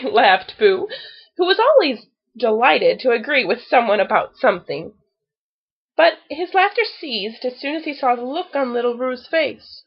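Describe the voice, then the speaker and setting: Woman, children's story reading, expressive, fairly high voice, dull lo-fi sound. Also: measured pace, breathy edge. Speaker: storybook reader.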